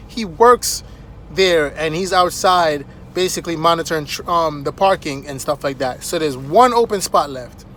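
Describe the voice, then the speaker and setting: High-voiced man telling car stories. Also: slight background noise. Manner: animated, chatty, frequent "right?" asides. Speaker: vlogger. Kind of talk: casual anecdotal storytelling.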